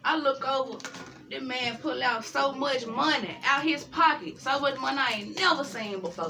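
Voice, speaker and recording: A woman's voice: high-pitched, normal speed, gravelly. Memphis woman telling a wild story. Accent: Memphis Southern US. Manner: animated, acts out quoted voices. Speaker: storyteller guest. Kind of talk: casual storytelling. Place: family gathering. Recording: distant mic, crowd chatter behind.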